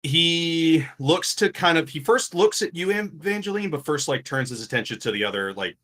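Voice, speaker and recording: A man narrating as game master of a tabletop role-playing game, halting with fillers and often laughing. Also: a little high, lively intonation, fairly bright tone.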